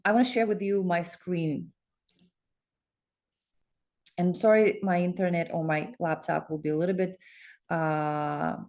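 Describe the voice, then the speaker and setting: Excited rambling woman coach. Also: on the low side. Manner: excited, rambling, with many fillers and restarts. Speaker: coach promoting a focus group. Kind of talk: casual self-promotional talk with screen share.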